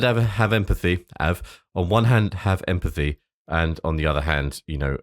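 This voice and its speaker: A man's voice: a bass voice, no room sound, studio quality. A man hosting a podcast, reading an earnest script with loose, sweary asides. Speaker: podcast host.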